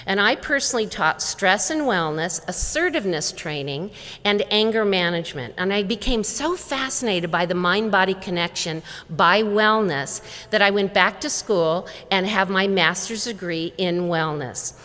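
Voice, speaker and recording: A middle-aged woman giving a conference talk as a wellness educator, a lively storyteller who acts out dialogue. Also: mid-range voice, normal speed. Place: large conference hall. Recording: long reverb of a large hall.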